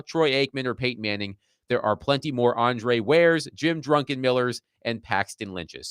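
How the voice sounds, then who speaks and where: Sports radio host, male, animated and nerdy, lively pitch, dry close mic. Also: no room sound. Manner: animated, self-described nerd who enjoys digging into numbers.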